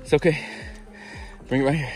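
A man hosting a fishing vlog, exclaiming and shouting excitedly outdoors at a river spillway. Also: fairly high pitch, normal speed, soft background music. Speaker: fishing channel host.

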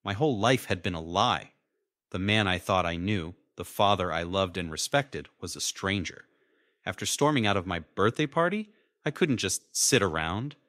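A young man in his twenties narrating a dramatic first-person animated story. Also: deep voice, normal speed, no room sound. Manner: dramatic, emotionally charged. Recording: dry close studio voice-over.

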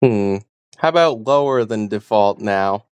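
Woman with a really deep smooth voice, short hesitant requests, dry close mic. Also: animated, unhurried, darkish tone, no echo. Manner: terse, hesitant commands with "uh". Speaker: user testing a voice assistant. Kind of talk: casual spoken requests.

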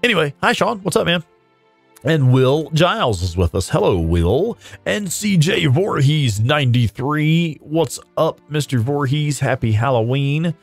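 Man with a cold, lively livestream host. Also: fairly high pitch, measured pace, gravelly, no echo, soft background music. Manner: swears freely, laughs often. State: sick with a cold. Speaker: streamer host. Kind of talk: casual livestream chat.

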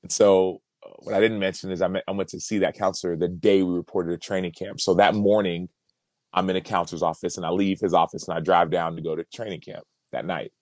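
Deep-voiced man telling a personal story. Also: level tone, fast talker, dry recording. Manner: earnest, reflective, repeats words as he builds. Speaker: podcast guest, former pro football player.

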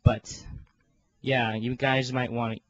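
A man's voice: mid-range voice, level tone, slow pace, fairly bright tone. Rambling teenage guy, dull lo-fi mic. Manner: rambling and self-deprecating, many fillers and restarts. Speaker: video creator organizing a fan voice series. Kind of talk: casual rambling vlog.

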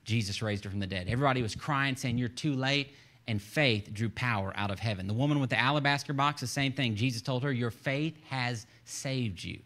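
A man preaching a sermon as pastor, with a voice of middling pitch. He tells the story with animation and acts out the people in it. He climbs to emphatic peaks and then drops low and quiet. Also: fast talker. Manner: rising to emphatic bursts, then dropping low and soft.

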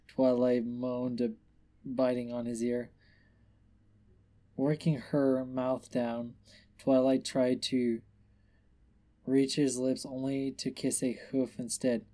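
A man's voice: medium pitch, flat delivery, slow, pauses often, dark tone. A man casually reading a story aloud, tripping over words and adding offhand asides. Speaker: reader.

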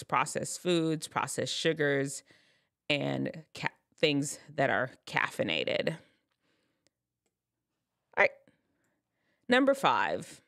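A woman giving advice in a chatty, loose way, often correcting herself mid-sentence as she explains science terms. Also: sits low. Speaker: advice vlogger. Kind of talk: casual explanatory talk.

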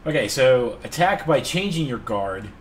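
A young man giving casual, excitable gameplay commentary, swearing often and laughing at himself. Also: mid-range voice, moderate pace, slight background noise. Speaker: gaming channel host.

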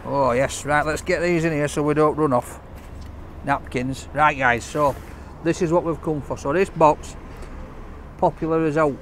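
Male food vlogger, jokey and upbeat, slightly high voice, recorded outdoors. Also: steady tone, moderate pace, slight background noise. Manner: chatty, enthusiastic, jokey. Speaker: takeaway reviewer. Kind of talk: casual food review vlog.

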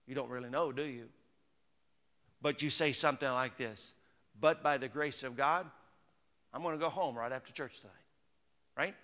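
Bright-voiced preaching pastor in a reverberant church. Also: male voice, medium pitch, moderate pace, long pauses. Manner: conversational preaching, rising to emphatic peaks. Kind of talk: sermon. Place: church sanctuary. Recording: long hall reverb.

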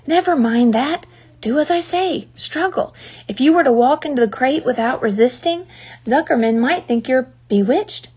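A woman's voice: sits high, animated, normal speed, breathy edge, pitched above the performer's own voice. A woman doing an old whispering sheep. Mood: urgent. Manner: urgent hushed whispering. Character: wise bossy old female sheep. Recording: dull lo-fi recording.

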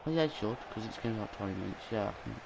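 A man's voice: on the low side, expressive, rapid-fire, vocal fry, background noise. A young man giving gameplay commentary, ranting and swearing at the match in front of him. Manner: ranting, swearing, exasperated muttering. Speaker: gaming channel host.

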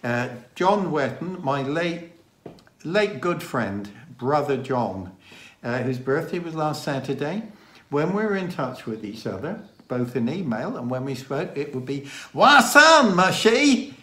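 A man's voice: mid-range voice, lively intonation, unhurried. Man with a mild Dorset accent. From England. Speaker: co-host. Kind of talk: casual chat. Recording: roomy echo.

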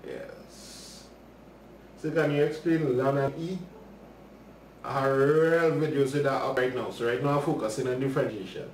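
A man's voice: medium pitch, steady tone, moderate pace, recorded from a distance, slight background noise. A man teaching a live maths lesson, chatting casually with viewers as he works through problems. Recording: roomy livestream audio from off-mic.

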